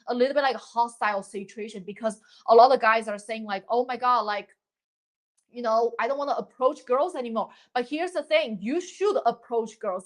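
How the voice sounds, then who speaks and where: A young woman with a fairly high, slightly bright voice chats casually on a livestream. She rambles with many fillers and restarts while giving dating advice and thanking her viewers.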